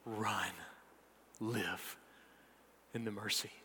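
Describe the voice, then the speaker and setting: A man preaching a sermon, emphatic and repetitive, swinging between loud declarations and hushed, deliberate words. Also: lowish voice, steady tone, slight background noise. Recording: long hall reverb.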